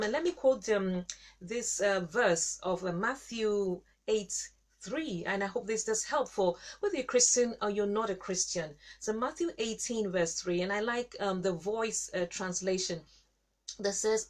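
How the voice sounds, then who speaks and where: A woman hosting a show, giving a devotional teaching talk, repeating herself and pausing with fillers. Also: medium pitch. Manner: repetitive, halting, with many fillers. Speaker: show host and Christian teacher.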